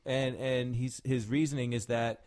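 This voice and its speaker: Animated man on a casual podcast. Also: medium pitch, normal speed. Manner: animated, swearing, frequent "right?" tag questions. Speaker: podcast co-host. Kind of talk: casual chat.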